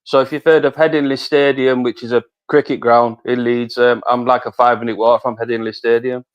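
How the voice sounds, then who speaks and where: A man's voice: mid-range voice, flat delivery, brisk, clear, resonant tone, dull audio. A man with a Northern English accent chatting as a guest caller on a video call, hesitant and self-deprecating, often restarting his sentences. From England. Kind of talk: casual chat.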